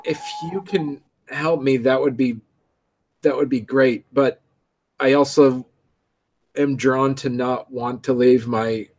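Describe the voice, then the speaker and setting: A man's voice: mid-range voice, steady tone, takes it slowly, a little mellow. A man voicing a wildly smiling old-fashioned male winter fairy with a thick, dated Irish brogue, earnest and a little hesitant. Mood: wistful.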